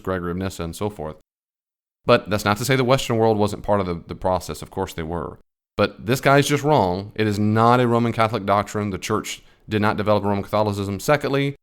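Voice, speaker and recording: A man's voice: lowish voice, clean tone. A man giving a reaction commentary on a theology video, explaining firmly and correcting the speaker.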